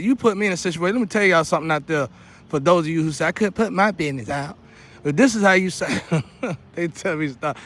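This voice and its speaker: Man, high-pitched, talking straight to camera outdoors. Preachy, repetitive delivery that keeps building to an urgent outcry. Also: fairly bright tone. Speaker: vlogger. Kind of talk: impassioned monologue to camera. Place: outdoors near a porch.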